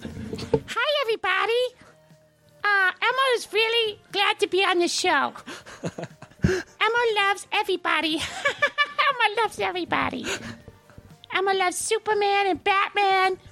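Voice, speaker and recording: A man's voice: very high-pitched, expressive, a little slow, pauses often, sharp tone, faint music behind, voice pushed up, exaggerated voice. A man voicing a tiny, cheerful furry monster who giggles and talks about himself in the third person. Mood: gleeful. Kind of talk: casual podcast impression.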